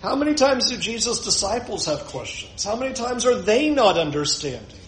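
A man with a high voice preaches a sermon, talking to his listeners conversationally and slipping in joking asides. The room around him echoes noticeably. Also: sing-song, normal speed, slight background noise. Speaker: pastor.

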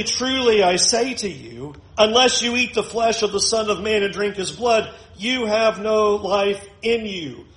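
A male preacher with a notably high voice works through scripture verse by verse, slowing down to read the text aloud. The sound carries a roomy echo. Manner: reads scripture slowly, acts out the crowd's voices. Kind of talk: sermon.

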